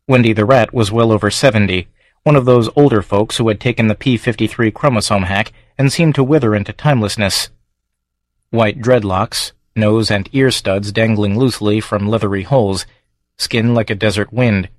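Male audiobook narrator, steady even read, dry studio sound. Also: fairly low pitch, moderate pace, dry recording. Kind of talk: scripted narration.

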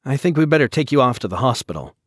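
A man voicing a detached wife who speaks in a calm, controlled, quietly soothing way. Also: mid-range voice, quick pace, breathy edge, no room sound, studio quality, pitched above the performer's own voice. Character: cool, detached young wife.

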